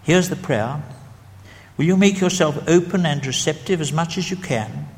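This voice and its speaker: A man preaching an evangelistic sermon, gently and deliberately leading the listeners through prayers. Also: on the high side. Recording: long hall reverb.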